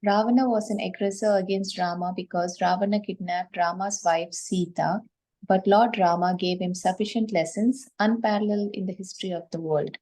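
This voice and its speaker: A woman reading a scripture commentary aloud to a class in a steady, careful way. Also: medium pitch, normal speed, low-quality recording.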